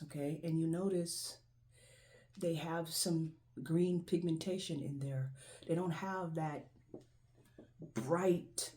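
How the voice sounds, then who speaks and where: Woman host, casual and repetitive to camera; lowish, warm voice. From Jamaica. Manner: chatty, repetitive, keeps asking "right?". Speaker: video host. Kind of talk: casual show-and-tell talk to camera.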